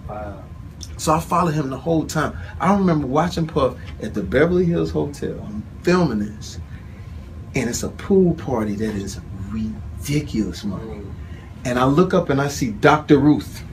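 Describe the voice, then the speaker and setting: A man telling an animated story in casual chat, acting out the people in it. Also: mid-range voice, moderate pace. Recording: steady background noise.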